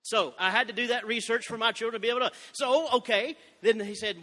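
A man preaching a sermon, emphatic and drawing words out slowly to stress scripture he reads aloud. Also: very high-pitched, pushed and bright, in a large hall.

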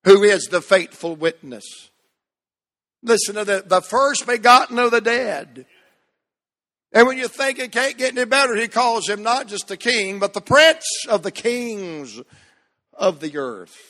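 A man preaching a sermon as pastor, slow and emphatic, drawing out key words. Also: sits high, lively intonation, sharp tone, big-room sound. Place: church sanctuary.

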